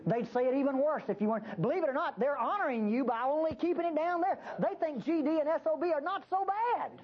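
A woman's voice: high-pitched, fast. A woman teaching a Bible passage to a church group in a conversational way, acting out the prophet's pleas as she explains them. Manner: animated, acts out the prophet's pleas. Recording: dull lo-fi tape with faint hiss.

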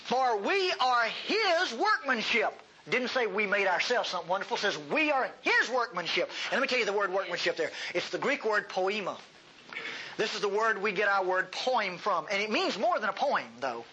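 High, bright-voiced animated preacher man. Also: brisk, husky, rough recording. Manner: animated, folksy, humorous, emphatic. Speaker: pastor. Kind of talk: sermon.

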